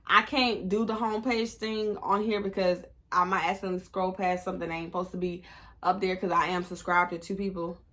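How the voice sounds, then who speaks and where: A young woman in her twenties tells a personal story straight to her viewers. Her voice is bright and forceful, and she delivers it in an animated, sassy way, jumping in and out of quoted dialogue. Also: on the low side, a little fast. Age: 20s. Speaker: vlogger. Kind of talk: storytime vlog.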